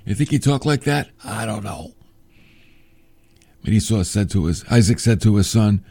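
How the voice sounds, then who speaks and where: A man leads a casual Bible lesson, reading scripture and breaking off for chatty, joking asides. His voice rises and falls a lot as he tells the story. The tone is warm and mellow rather than bright. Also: lowish voice, very animated, normal speed, husky. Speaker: Bible teacher.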